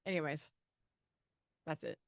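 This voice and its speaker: A woman co-hosting a live exam study lesson, chatty and quick to laugh, thinking aloud through answers. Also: slight background noise. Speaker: exam prep co-host.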